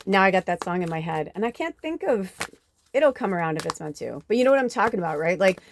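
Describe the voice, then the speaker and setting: A woman's voice: on the low side, expressive, fast talker, gravelly, slight background noise. A woman hosting a spiritual reading channel, telling a story in a loose, chatty way with lots of fillers and casual swearing. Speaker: spiritual reader, channel host.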